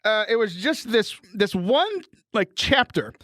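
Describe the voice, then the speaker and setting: A man hosting a podcast in casual chat, joking and self-deprecating, with quick laughs, while getting over bronchitis. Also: high-pitched, animated, pushed and bright, dry recording, studio quality. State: has bronchitis. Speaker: podcast host.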